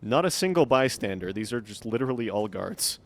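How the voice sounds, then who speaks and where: A man's voice: lowish voice, lively intonation, a little fast. A man casually commenting on his gameplay during a live stream, wry and swearing when startled.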